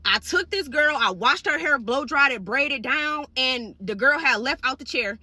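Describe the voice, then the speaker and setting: A woman's voice: sits high, expressive, moderate pace, pushed and bright, no echo. A young woman hairstylist telling a casual storytime straight to her viewers, blunt and profane.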